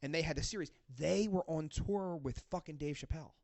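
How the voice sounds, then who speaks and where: A man's voice: fairly high pitch, fairly quick, darkish tone. A man guest on a podcast, telling rambling, profanity-laced stories in casual chat. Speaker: podcast guest, rock band frontman.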